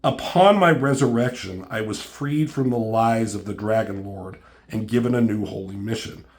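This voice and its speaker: A man's voice: lowish voice, normal speed, close to an everyday voice. A man reading out the lines of a grandiose, ranting masked villain knight, monologuing. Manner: reads lines aloud in a monologuing tone.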